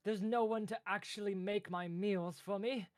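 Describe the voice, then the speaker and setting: A man's voice: high voice, fairly even intonation, normal speed, no echo, studio quality, pitched above the performer's own voice, close to an everyday voice. A man playing a fussy, pleading little clerk. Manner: fussy, pleading, self-pitying. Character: short harried male clerk buried in paperwork.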